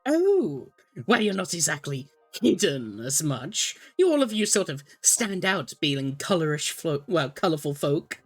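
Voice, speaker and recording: A woman voicing a smooth-talking male wandering gambler with a breezy, knowing manner. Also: low-pitched, big pitch swings, measured pace, soft background music, exaggerated voice. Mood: sly.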